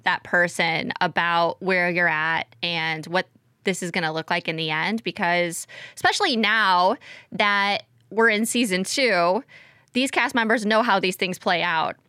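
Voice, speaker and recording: A woman's voice: fairly low pitch, unhurried, pushed and bright, clean tone, no room sound, clean studio sound. A woman co-hosting a casual podcast chat, chatty and laughing lightly mid-sentence. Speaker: podcast co-host.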